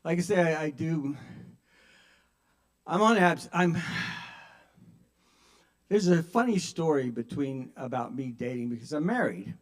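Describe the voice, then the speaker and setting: An older man doing a self-mocking stand-up set at an open mic, shifting between mumbled asides and loud punchlines. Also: fairly high pitch, unhurried, pauses often. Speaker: stand-up comedian. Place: open mic at a kava bar.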